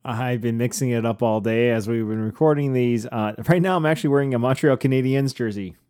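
A man's voice: medium pitch, a little fast, a little mellow. A man who coaches track, hosting a casual podcast conversation with dry, teasing asides. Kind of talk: casual chat.

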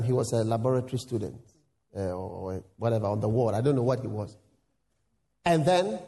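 A male pastor preaching a sermon, acting out dialogues with lively voices. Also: medium pitch, long reverb tail. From Ghana. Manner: animated, acts out dialogues in voices.

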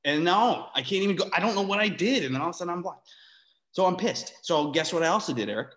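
A man co-hosting a casual sports podcast, ranting in an animated, exasperated way, with sarcastic asides and free swearing. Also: high voice, fast. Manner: swears freely. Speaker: podcast co-host.

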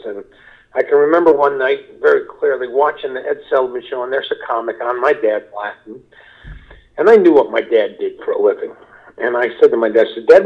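An older man from Kentucky, a comedian guest, telling stories at an easy, unhurried pace. His voice sits in a middle pitch. The audio is dull and lo-fi. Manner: unhurried anecdotes, mimics people in quotes. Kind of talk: relaxed storytelling interview.

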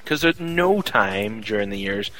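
A man's voice: fairly low pitch, lively intonation, unhurried, a bit bright, faint music behind, low-quality recording. A man co-hosting a casual chat show, talking in a rambling way with many fillers. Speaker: podcast co-host.

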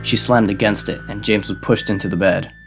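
Deep-voiced man reading a novel. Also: steady tone, fairly quick, vocal fry, faint music behind. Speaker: narrator. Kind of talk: audiobook narration.

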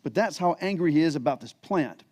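A middle-aged man preaching a sermon, reading scripture aloud and then retelling it in plain, conversational words, moving between emphatic peaks and quiet asides. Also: on the high side, lively intonation, brisk. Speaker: pastor.

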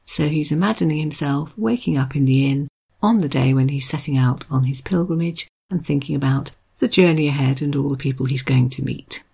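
A podcast host walks listeners through history with chatty storytelling and the odd wry aside. The voice has a gravelly texture. It sounds a touch husky, and the pitch sits in the middle range. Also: fairly quick, mellow. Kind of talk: informal history talk.

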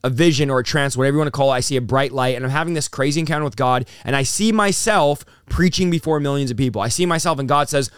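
A man's voice: mid-range voice, quick pace, few pauses, smooth, no echo, studio quality. A young adult man, a pastor, giving an emotional testimony in an interview, intense and vivid as he acts out what was said. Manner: intense, storytelling with acted-out quotes. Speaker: pastor and guest.

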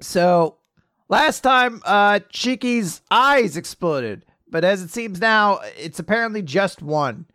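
A young man co-hosts a casual podcast, recapping a comic chapter with a lively, swooping delivery. His voice sits fairly high and is recorded dry and close. He slips in corny puns as he goes. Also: takes it slowly, no echo. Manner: jokey, animated storytelling with corny puns. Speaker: podcast co-host. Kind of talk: casual manga recap chat.

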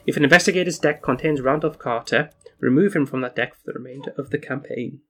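A man playing through a card game on his own, reading the story text aloud and chatting through each move. His voice is medium in pitch with a husky grain. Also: quick pace. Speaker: solo board game player. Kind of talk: casual playthrough with read-aloud story text.

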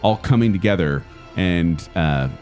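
Guy co-hosting a movie chat, lowish voice, really lively, some music behind. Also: a little slow. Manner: chatty, animated, laughs often. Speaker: co-host. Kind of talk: casual movie review chat.

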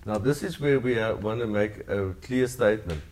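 A man's voice: lowish voice, moderate pace, darkish tone, a little hiss or hum. A man preaching a sermon to his congregation, earnest and repetitive in cadence. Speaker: pastor.

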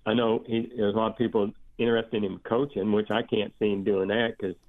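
An older man, a baseball coach calling in as a guest, talking in a halting, rambling way full of fillers and restarts. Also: fairly low pitch, little pitch movement. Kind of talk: casual phone interview. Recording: tinny phone line.

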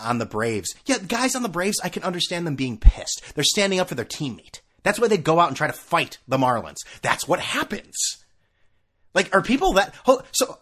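A man's voice: on the high side, fairly bright tone. A man in his thirties hosting a casual sports talk show, ranting with sarcasm and profanity.

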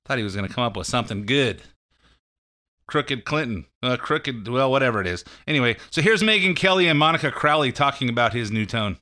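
Man, radio host, bright tone, crisp clear voice, casual rambling political talk, lots of ums and restarts. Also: medium pitch, expressive, a little fast. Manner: rambling, off-the-cuff, many fillers and restarts. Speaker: radio call-in show host.

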